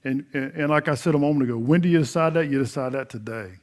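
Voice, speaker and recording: A middle-aged man preaching a sermon, telling a Bible story in a folksy way and acting out the dialogue, swinging between loud emphasis and hushed earnestness. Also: on the high side, fast. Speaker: pastor.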